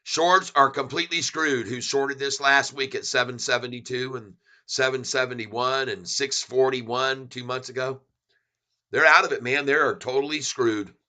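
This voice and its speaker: A middle-aged man giving excited, folksy commentary on a stock chart, repeating himself for emphasis and calling his viewers folks. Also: medium pitch, moderate pace.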